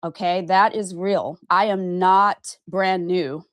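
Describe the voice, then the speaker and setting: A woman's voice: fairly low pitch, fairly even intonation, slow, dry recording, studio quality. Frank, emphatic woman in her fifties. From Arizona, USA. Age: 50s. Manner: frank and emphatic, with casual swearing and repeated "okay?". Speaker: vlogger and podcast host. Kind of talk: candid personal monologue to camera.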